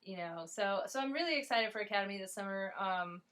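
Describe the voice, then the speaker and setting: A woman's voice: mid-range voice, brisk. A woman co-hosting a theater webcast and teaching drama, speaking casually and with enthusiasm in a Southern US accent. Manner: enthusiastic and animated, laughing often. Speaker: theater academy teacher and co-host.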